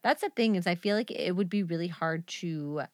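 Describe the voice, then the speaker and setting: A woman co-hosting a podcast in casual chat, animated and laughing often. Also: lowish voice, normal speed, no echo, studio quality. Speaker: podcast co-host.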